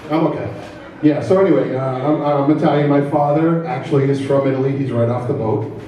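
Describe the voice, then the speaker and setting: A man performs stand-up in a comedy club, talking into a handheld mic with a mellow, low-key tone. He is chatty and self-deprecating and teases the crowd as he goes. The sound is very echoey and comes from some distance away. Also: fairly quick, slight background noise. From New Jersey.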